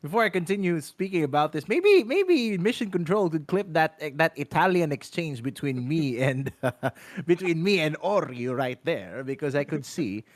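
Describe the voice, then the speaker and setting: A man casting an esports match, excitable and joking, throwing out rhetorical questions. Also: a little high, moderate pace, dry recording, studio quality. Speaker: shoutcaster. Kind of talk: esports play-by-play commentary.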